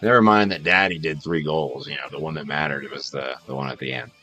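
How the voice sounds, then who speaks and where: A man's voice: a bass voice, steady tone, a little fast, bright, forceful tone. A young father casually commentating a car game, encouraging and coaching his son as they play. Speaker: streamer playing with his son. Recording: music playing under the voice. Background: game music and car sounds.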